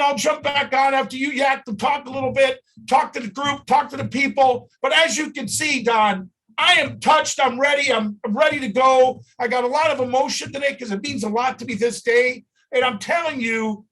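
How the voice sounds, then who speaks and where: A company owner talking on a live video call, emotional and fired up, shouting and repeating himself for emphasis. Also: male voice, very high-pitched, low-quality recording. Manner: shouting, emotional, punchy repetition.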